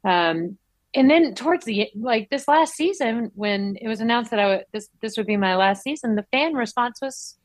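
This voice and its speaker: Actress guest, woman, lively storyteller, dry close mic. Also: normal speed, dry recording. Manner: animated, acts out quotes with big pitch jumps. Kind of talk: casual interview chat.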